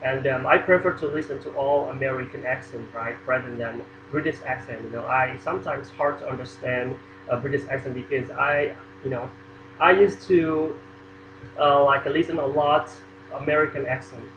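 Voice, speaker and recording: A man's voice: medium pitch, steady tone. Indonesian-accented young man, roomy and muffled. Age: young adult. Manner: halting, with many fillers and restarts. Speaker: university student on a video call. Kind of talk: casual video call chat. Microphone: computer or phone mic on a video call. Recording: roomy, dull sound with air conditioning hum.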